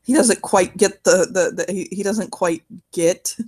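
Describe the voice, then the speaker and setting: Role-play player, female, husky, lowish voice, slow giggly delivery. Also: steady tone, darkish tone. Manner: giggly, loose, lots of "like". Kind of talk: casual narrated role-play.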